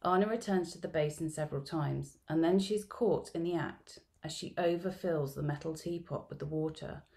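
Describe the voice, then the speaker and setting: Low, gravelly-voiced middle-aged woman reading. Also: darkish tone. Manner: measured, reflective storytelling delivery. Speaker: education researcher presenting at a symposium. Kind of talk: reading a field-note narrative aloud.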